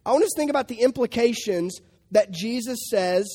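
A man's voice: very high voice, lively intonation, a little fast, darkish tone. A man preaching a sermon in a conversational way, asking the audience questions. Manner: acts out quotes in funny voices.

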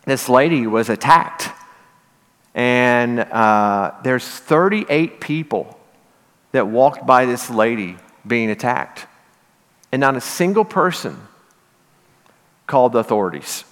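A middle-aged man with a Western Kentucky accent, preaching from a church sanctuary. His voice sits a little higher than most men's and carries a long reverb from the hall. He talks to the congregation in an earnest, conversational way and pushes to emphatic high points. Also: fairly bright tone. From Southern Illinois. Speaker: pastor. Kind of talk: sermon.

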